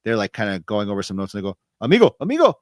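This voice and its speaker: A man's voice: on the low side, flat delivery, rapid-fire, clean tone, no echo. Man recapping wrestling, loose and chatty. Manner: loose storytelling, many fillers and restarts. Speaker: podcast co-host. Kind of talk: casual wrestling recap chat.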